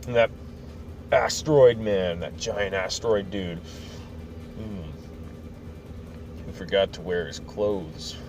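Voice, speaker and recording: Speaking slowly in a low voice and pausing often, this podcast host gives a casual recap of a video game story, rambling and joking with many fillers while acting out quotes. Background noise is audible.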